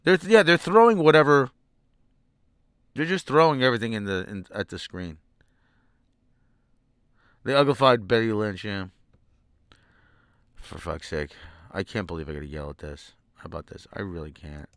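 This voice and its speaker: A man's voice: fairly low pitch, moderate pace, long pauses, clean tone, dry recording, studio quality. A man ranting sarcastically and with profanity while reviewing a show, exasperated throughout. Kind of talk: ranting commentary.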